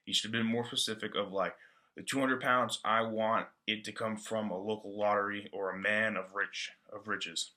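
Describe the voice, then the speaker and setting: A man's voice: fairly low pitch, steady tone, moderate pace, bright, forceful tone. A man giving a casual book-report talk in a loose, slangy way, full of fillers. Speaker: student presenter.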